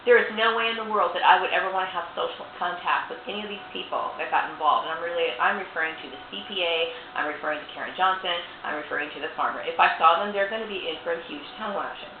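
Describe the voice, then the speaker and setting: Furious ranting woman, gravelly voice. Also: lowish voice, fast, hardly any pauses. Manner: indignant, profane, repeats "you know". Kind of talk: angry personal rant to camera. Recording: tinny phone-like sound, echoey room, faint hiss.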